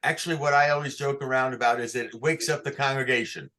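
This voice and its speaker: A man's voice: mid-range voice, fairly even intonation, fast talker, sharp tone. A man teaching Torah cantillation online, patiently explaining each sign and singing short chant examples for the class to repeat.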